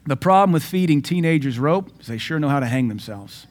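A man's voice: on the high side, animated, fairly quick. Emphatic male pastor preaching. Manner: emphatic preaching with sudden loud and soft swings. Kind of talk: sermon.

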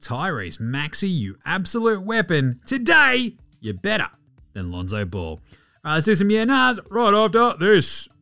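An Australian man hosting a sports podcast, animated and profane, mocking players with mock outrage. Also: a little high, moderate pace, soft background music. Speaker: podcast host.

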